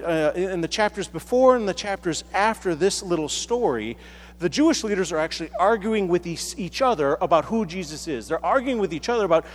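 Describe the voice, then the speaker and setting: A man preaching a conversational sermon as a priest, talking casually with many fillers and tag questions. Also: high-pitched. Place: church. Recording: reverberant church hall.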